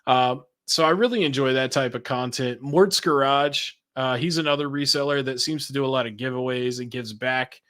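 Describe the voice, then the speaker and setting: A man's voice: mid-range voice, normal speed, hardly any pauses, fairly bright tone. A man who is a podcast guest, talking in a laid-back, chatty way with casual swearing. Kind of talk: casual interview chat.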